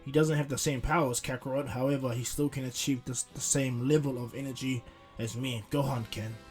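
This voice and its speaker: A man's voice: medium pitch, fairly even intonation, brisk, a little mellow, faint music behind, lightly acted. A man doing a curt, proud warrior prince. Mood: haughty.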